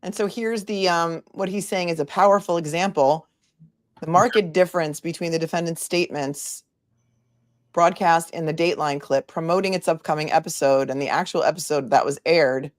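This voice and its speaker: A woman's voice: on the low side, moderate pace. A woman attorney hosting legal commentary, chatting and reading court filings aloud with asides. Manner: conversational, reads documents aloud with asides. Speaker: attorney and channel host.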